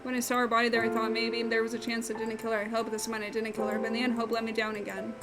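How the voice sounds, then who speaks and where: A woman's voice: on the high side, monotone, very fast, lightly acted. Woman reading a grieving young heroine. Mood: somber. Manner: earnest inner monologue. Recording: game music behind.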